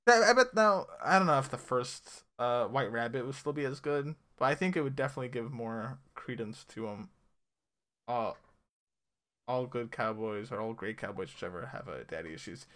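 A man's voice: medium pitch, expressive, moderate pace, fairly bright tone. A man casually recapping a TV episode on a podcast, rambling and correcting himself as he goes. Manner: rambling, self-correcting, laughs often. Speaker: podcast co-host.

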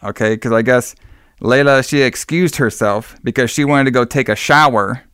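A man's voice: medium pitch, moderate pace, fairly bright tone, smooth, no room sound, clean studio sound. A man co-hosting a podcast, rambling casually as he retells a film's plot with loose, profane asides. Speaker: podcast co-host recapping a film. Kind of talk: casual chat.

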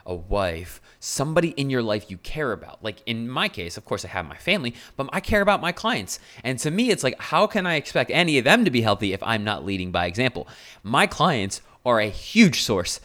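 A man's voice: medium pitch, sing-song, brisk, sharp tone. A man hosting a solo podcast as a health coach, talking bluntly and casually with swearing and fillers.

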